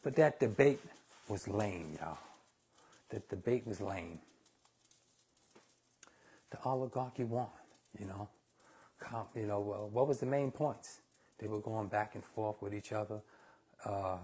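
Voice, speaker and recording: A man's voice: on the low side, a little slow, pauses often, darkish tone, slightly rough. A man hosting a casual live cooking stream, talking bluntly and opinionated to viewers he calls y'all. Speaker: cooking show host.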